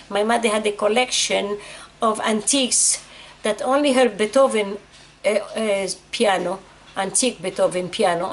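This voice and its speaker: A woman's voice: mid-range voice, a little hiss or hum. A woman in her eighties from Egypt telling her personal story in an emotional, repetitive way. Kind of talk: personal testimony.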